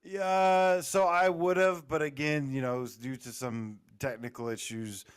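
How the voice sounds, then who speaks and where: A man's voice: on the high side, steady tone, unhurried. A man from the Southern United States with a Southern American accent, rambling and laughing through casual podcast talk as a guest. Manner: rambling, laughing, full of fillers.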